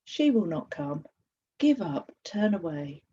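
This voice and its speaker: A woman's voice: fairly low pitch, very animated, slow pace, dark tone, lo-fi sound, a little hiss or hum. Sad, a woman voicing a despairing female spirit. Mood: harsh. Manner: discouraging, harsh.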